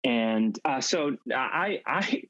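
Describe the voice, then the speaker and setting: A man chatting as a podcast guest, his pitch rising and falling freely as he talks. He stops and restarts his sentences often. The sound is dry and a little dull. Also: expressive, fairly bright tone, no echo. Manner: halting, many restarts and fillers. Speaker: magazine editor guest. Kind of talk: casual podcast chat.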